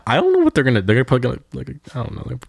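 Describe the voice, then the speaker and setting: A man's voice: medium pitch, huge pitch swings, quick pace, creaky, husky, no room sound, clean studio sound. A young man co-hosting a podcast, telling a story in casual chat, with plenty of swearing and exasperated outbursts. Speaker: podcast co-host.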